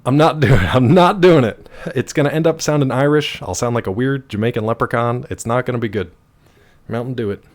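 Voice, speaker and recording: A male game streamer casually telling a story to his chat, animated and laughing often. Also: mid-range voice, brisk. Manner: animated, laughs often, swings loud and quiet.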